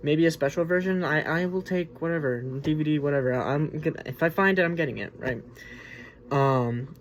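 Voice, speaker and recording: A man's voice: fairly high pitch, expressive, brisk, slight background noise. A man hosting a casual spoken movie review, rambling and informal with lots of restarts and filler words. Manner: rambling and informal, with many restarts, "like" and "you know". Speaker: movie reviewer, host of the show.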